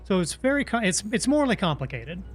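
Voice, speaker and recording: A man streams a video game and talks it through in a chatty, musing way. His voice sits a little higher than most men's. Soft game music plays under him. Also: very animated, fast. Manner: chatty, musing, playful asides. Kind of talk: live gameplay commentary.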